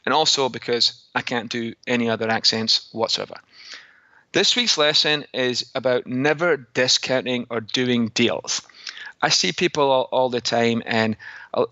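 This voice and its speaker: A man's voice: mid-range voice, moderate pace, bright, forceful tone, no echo, muffled recording. Man in a put-on Scottish accent. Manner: chatty storytelling, rhetorical questions. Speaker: segment host, fitness business coach. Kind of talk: casual podcast lesson.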